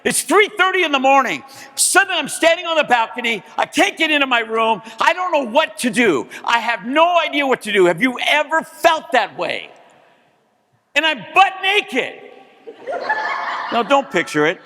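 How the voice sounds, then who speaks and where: A man telling a motivational story as a keynote speaker, acting out dialogue and sometimes shouting. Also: very high voice, moderate pace. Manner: animated, acts out dialogue, rises to shouts. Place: large hall, live audience. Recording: hall reverb.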